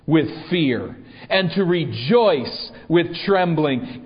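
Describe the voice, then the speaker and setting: A man's voice: on the high side, lively intonation, takes it slowly, big-room sound, muffled recording. A man preaching a sermon, reading scripture and asking the congregation rhetorical questions. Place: church.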